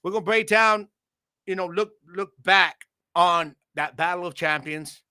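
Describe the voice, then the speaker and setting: A man hosting a live-streamed sports podcast, talking straight to his viewers in a casual, energetic way and laughing often. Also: high voice, a little slow, clear, resonant tone, dry recording, clean studio sound. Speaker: podcast host. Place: home studio. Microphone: studio microphone.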